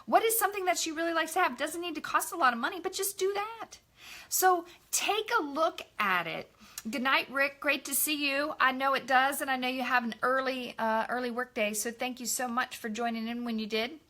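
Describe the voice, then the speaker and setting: A middle-aged woman speaks on a live online broadcast with a high, bright voice. She shares personal stories in a candid, confiding way and stops to greet viewers by name. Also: fairly quick. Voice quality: bright, expressive voice. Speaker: ministry host. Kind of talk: Facebook live talk.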